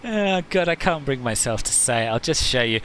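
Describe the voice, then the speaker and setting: A man's voice: medium pitch, animated, fairly quick, a bit bright, a little hiss or hum. A man hosting a flight simulator live stream, chatting casually, answering viewers' comments and laughing often.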